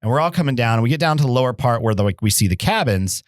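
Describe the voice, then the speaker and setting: A man in casual podcast chat, rambling through a story with constant fillers. His voice sits at an ordinary middle pitch. The mic is close and the room is dead dry. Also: lively intonation, fast talker, no echo. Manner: rambling anecdote full of "like" and "um". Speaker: podcast co-host.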